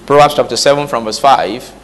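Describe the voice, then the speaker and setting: Brisk and mid-range, this man's voice rings through a reverberant church hall as he preaches. He quizzes the congregation call-and-response style, checking in again and again with "All right?"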